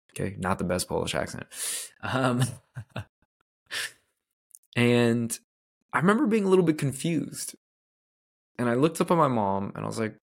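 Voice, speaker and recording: A man's voice: medium pitch, sing-song, normal speed, creaky, long pauses. A man from Canada hosting his own podcast, telling a personal story in an earnest, candid way with lots of casual "like" fillers. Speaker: podcast host.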